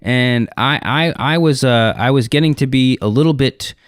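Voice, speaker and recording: A man's voice: medium pitch, normal speed, clear, resonant tone, no echo, studio quality. A man, a comedian, telling a rambling comic story with profanity and acted-out dialogue. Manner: animated, profane, acts out dialogue in character voices.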